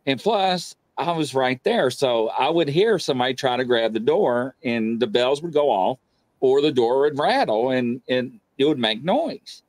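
This middle-aged man, a guest sharing paranormal experiences, casually tells a ghost story and loudly acts out the voices with animation. His voice sits at medium pitch, moves a little slowly, and is recorded dry.

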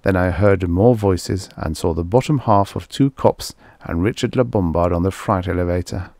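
Low-voiced man reading a story. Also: normal speed, gravelly, a little mellow, no room sound. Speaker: audiobook narrator. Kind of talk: scripted narration.

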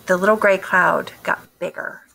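A woman reading a children's picture book aloud, expressive and asking the listeners questions. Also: on the low side, unhurried, vocal fry. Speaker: storybook reader. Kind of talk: children's story read-aloud.

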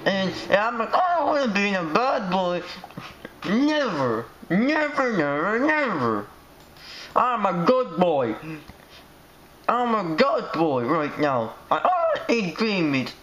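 A man's voice: high voice, very animated, takes it slowly, fairly bright tone, echoey room, slight background noise, full character voice, low-quality recording. A man putting on the voice of a whiny, bratty little boy who refuses to eat his vegetables.

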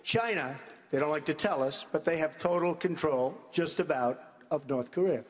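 A man in a large debate hall, answering questions in an emphatic, repetitive way and talking over anyone who cuts in. His voice sits a little high, and a long reverb hangs behind it. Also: normal speed. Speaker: presidential debate candidate.

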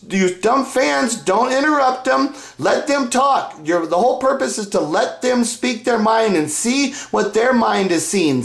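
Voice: mid-range voice, creaky, echoey room. A vlogger talking in a rambling, repetitive and insistent way, restarting sentences often. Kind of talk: casual rambling monologue to camera.

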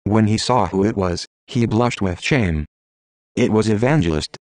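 A man reading a storybook tale aloud in a steady, measured way, voicing the characters' quotes himself. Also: on the low side, no echo. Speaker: narrator.

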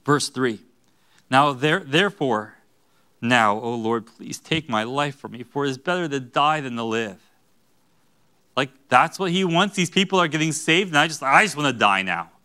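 A man preaching a sermon as pastor, animated, with joking asides and acted-out quotes. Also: mid-range voice. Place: church sanctuary.

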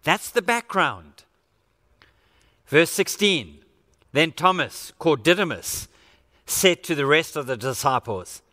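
A man's voice: on the high side, big pitch swings, unhurried, sharp tone. A man preaching a sermon as pastor, earnest and acting out the quotes he reads. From Australia. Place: church. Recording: church hall reverb.

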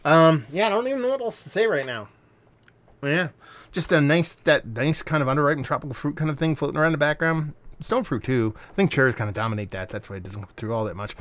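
A man rambles through a casual beer review, cursing freely and swinging his voice up and down with plenty of energy. His voice sits at a middle pitch. The sound is dry and close, with no room echo. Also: brisk, gravelly. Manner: animated, rambling, swears freely.

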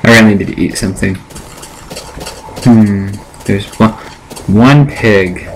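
A man's voice: lowish voice, a little slow, pauses often. Man rambling over a noisy laptop mic. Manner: chatty, rambling self-talk to viewers. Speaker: let's play gamer. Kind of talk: casual gameplay commentary. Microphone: built-in laptop microphone.

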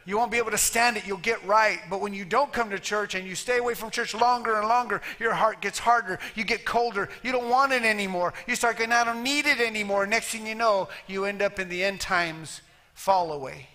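A high, bright male voice preaching in a church sanctuary. He talks plainly and emphatically, sometimes putting on little voices to poke fun. The tone is forceful and lively. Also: brisk. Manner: plain-spoken, emphatic, mimics voices for humor. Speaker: pastor. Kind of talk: sermon with altar call.

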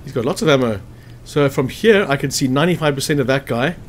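A gameplay commentator, a man with a medium-pitched, animated voice, talks fast over a little hiss or hum. He's casually walking through a strategy game, chatty and thinking aloud as he checks hit chances, hiccuping after lunch.

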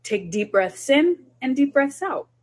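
A woman's voice: high-pitched, sing-song, measured pace, husky. A woman who is a child development specialist, talking parents through a group session in an earnest, instructive way.

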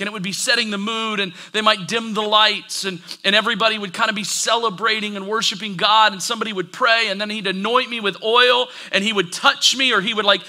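A man playing a proud army commander, indignant, ranting, high-pitched. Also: sharp tone. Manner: exasperated, ranting.

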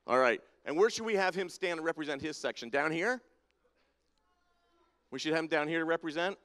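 Animated and moderately paced, a man with a high-side voice that's clear, resonant and a bit bright leads a playful congregation activity. He teases people and calls them down by name in a large sanctuary with a balcony and spotlights, with the long reverb of a big hall.

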